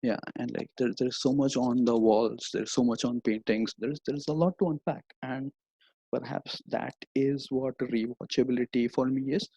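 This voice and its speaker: A man's voice: mid-range voice, fairly even intonation, normal speed, gravelly, mellow, husky, no room sound, dull audio. A man talking casually as a podcast guest over a video call, wandering through his points and tagging sentences with "right?" and "you know". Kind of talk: casual chat.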